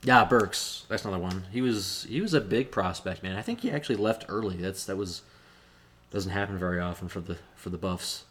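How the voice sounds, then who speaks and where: A man's voice: sits low, a little fast, a bit bright. A man in a casual sports chat who hesitates, searches for players' names and trails off mid-sentence. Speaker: podcast co-host.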